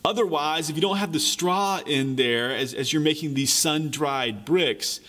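A man preaching a sermon, reading scripture and then retelling the story in a lively, conversational way. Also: a little high, a little slow. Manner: animated storytelling, paraphrases characters in lively voices. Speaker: pastor.

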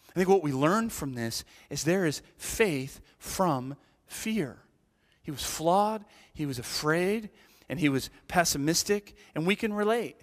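Guy pastor preaching, kinda high voice, animated storytelling, long church echo. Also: a little slow. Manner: animated storytelling, repeated "right?". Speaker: associate pastor. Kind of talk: sermon.

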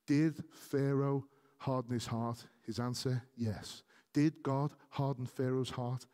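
Earnest preacher in an echoing hall. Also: male voice, mid-range voice, warm tone. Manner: earnest, rising to emphatic peaks, talks to the congregation. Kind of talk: sermon.

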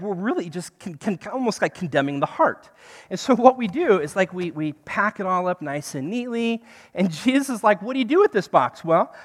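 A preacher giving a conversational sermon in a church hall, often checking in with the listeners. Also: medium pitch. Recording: long hall reverb.

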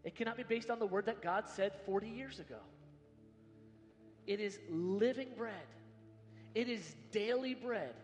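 A man preaching a sermon as pastor, swinging from hushed lines to shouted emphasis in a large church hall. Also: sits high, unhurried, long pauses, soft background music. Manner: dramatic swings from soft to shouting. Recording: long hall reverb.

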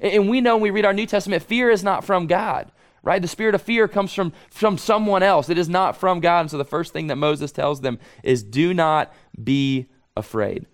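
A man's voice: high-pitched, brisk. A male pastor preaching a sermon in an earnest, emphatic way, often repeating phrases for stress.

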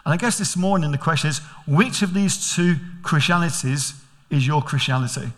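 A man's voice: fairly high pitch, moderate pace. An older man preaching a sermon in a church, telling stories and asking the congregation questions. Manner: storytelling, animated, questioning. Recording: reverberant church hall.

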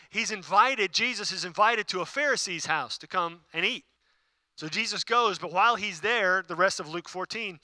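Bright, lively preaching man. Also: no echo. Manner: animated preaching, rising in pitch and volume for emphasis; jokes with the congregation. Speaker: pastor. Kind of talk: sermon.

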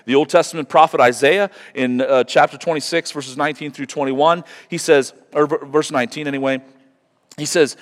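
A man preaching a sermon as pastor, reading scripture aloud with loud emphatic passion. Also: a little high, steady tone, fairly quick. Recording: long reverb of a large hall.

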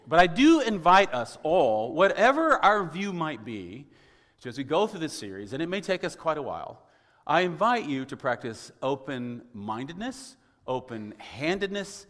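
A man pastor giving a sermon in a church, wry and conversational, often clearing his throat. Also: mid-range voice, a bit bright. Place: church sanctuary. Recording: long hall reverb.

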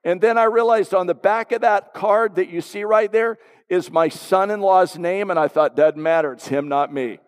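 A man's voice: high voice, normal speed, clear, resonant tone. A middle-aged man, a pastor, preaching a sermon and telling a personal story with asides to the congregation. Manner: storytelling, conversational with audience asides. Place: church sanctuary. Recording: long hall reverb.

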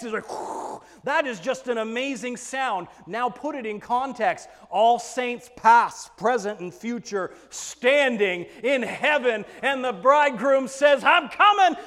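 High-voiced preacher man in a reverberant hall. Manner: emphatic, swings between hushed and loud passages. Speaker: pastor. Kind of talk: sermon.

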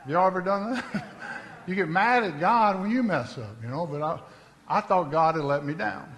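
A man's voice: on the high side, fairly bright tone, big-room sound. A man telling his testimony from the pulpit in an earnest, conversational storytelling manner. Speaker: preacher giving his testimony.

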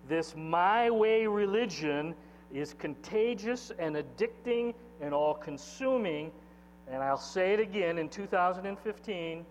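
A man preaching a sermon as pastor, opening with a prayer and building to loud, impassioned peaks. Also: a little high. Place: church sanctuary. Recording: faint mains hum, long church reverb.

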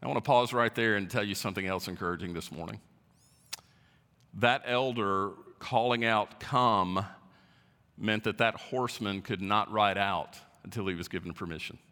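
A man preaches to his congregation in a church sanctuary, leaning hard on key words as he teaches verse by verse. His voice is bright and forceful, and it rings with a long hall reverb. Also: on the low side, normal speed. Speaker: pastor. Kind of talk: sermon.

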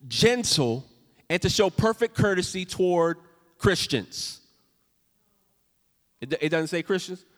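A man preaching a sermon as pastor, swinging from loud emphatic lines to soft, hushed storytelling. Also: high voice, expressive, slow pace, pauses often, in a large hall. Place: church sanctuary.

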